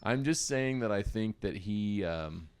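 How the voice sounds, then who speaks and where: A man's voice: lowish voice, a little slow, clean tone. A middle-aged man, a father co-hosting a podcast with his son, chatting casually about old films and joking about himself. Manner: jokey, self-deprecating, relaxed. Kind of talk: casual chat.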